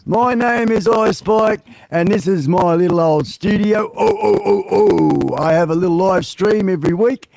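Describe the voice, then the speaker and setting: An Australian man chatting as a livestream guest from his home studio, loud, rowdy and profane, sometimes shouting. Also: high-pitched, moderate pace, vocal fry, hardly any pauses, no echo.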